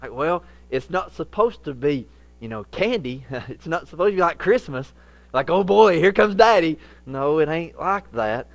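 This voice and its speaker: A middle-aged male pastor preaching a sermon, lively and acting out the voices he quotes. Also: fairly high pitch, moderate pace, rough recording. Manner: animated, acts out quoted voices.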